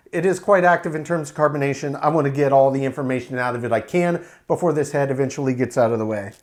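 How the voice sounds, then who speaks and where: A man reviewing a beer to camera in a relaxed, explanatory way, with frequent fillers. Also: a little high.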